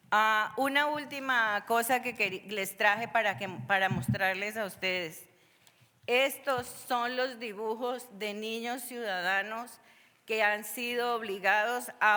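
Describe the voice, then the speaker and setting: A woman's voice: fairly high pitch, bright, forceful tone. A woman pleading passionately with council members during public testimony. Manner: impassioned, pleading. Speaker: public commenter. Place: large council chamber. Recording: long hall reverb.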